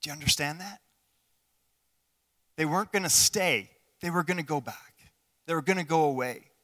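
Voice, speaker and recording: A man preaches an earnest sermon, putting questions to his listeners and swinging between loud stretches and hushed ones. His voice is a little high at a moderate pace, with long hall reverb on the recording.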